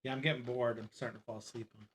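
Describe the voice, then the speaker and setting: A man's voice: medium pitch, level tone, racing. A man chatting casually as a co-commentator, dropping dry, joking asides. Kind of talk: casual chat.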